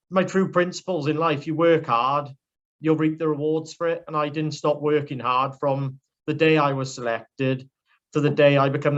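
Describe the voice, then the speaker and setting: A young man from Wales speaks his mind in a casual interview, blunt and outspoken, his voice sitting a little high. The audio is dull and lo-fi, as if carried over a remote call. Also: fairly bright tone. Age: young adult. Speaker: politician interviewed as guest.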